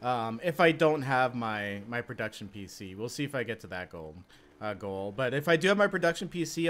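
A young Canadian man streaming a survival game live, chatting casually and yelping and laughing when things go wrong. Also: mid-range voice. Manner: excitable, yelps and laughs in panic. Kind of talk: live gameplay commentary.

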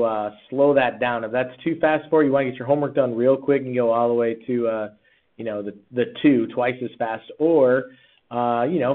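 A man, a teacher, talking casually through a screen-recorded software tutorial with lots of fillers and restarts. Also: medium pitch. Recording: tinny, phone-like sound.

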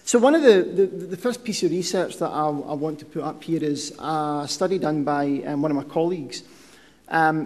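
A middle-aged man presents research to a conference audience in a measured, explanatory way, pausing on ums and restarting phrases. His voice sits a little high for a man. A long reverb from the lecture hall trails after each phrase. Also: darkish tone. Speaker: podiatry researcher giving a lecture.

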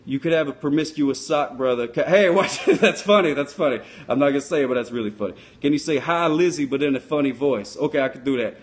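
A man's voice: mid-range voice, quick pace, few pauses, natural voice. A man voicing a dopey, boastful sock-puppet cop who rambles in a comic question-and-answer. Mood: rambling. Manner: rambling, dim-witted bravado.

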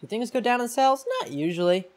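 A man's voice: extremely high pitch, expressive, fairly quick. A young man playing a horror game and giving rambling, self-mocking casual commentary into a desk mic. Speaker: gaming YouTuber.

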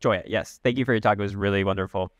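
Young man asking a halting question. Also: on the low side, steady tone, dry recording, studio quality. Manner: halting, many fillers and "like"s. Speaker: audience questioner.

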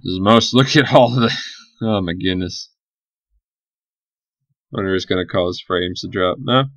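A man's voice: low-pitched, a little slow, dry recording. A man giving live gameplay commentary as a gaming channel host, cheering on his units and swearing casually.

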